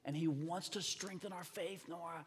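A man preaching a sermon, telling a personal story with animated emphasis and repeating words when he gets excited. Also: on the high side, normal speed. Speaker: pastor. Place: church sanctuary. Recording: reverberant hall.

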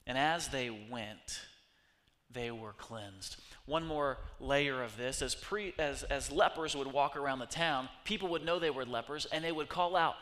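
A man preaching a sermon as pastor, animated and acting out the voices of the people he quotes. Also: a little high, normal speed. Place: church hall. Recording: echoey hall reverb.

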